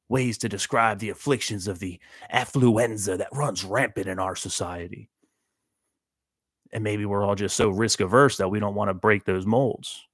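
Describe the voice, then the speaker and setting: Man, low voice, dry close sound, profane rambling monologue, introspective. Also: a bit bright, dry recording. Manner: profane, introspective, self-questioning. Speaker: host. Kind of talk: rambling solo livestream monologue.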